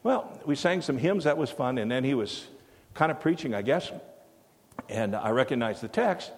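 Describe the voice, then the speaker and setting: A man's voice: mid-range voice, expressive, normal speed. An older man telling a rambling story in a sermon, full of fillers and restarts, recorded in a church. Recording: long hall reverb.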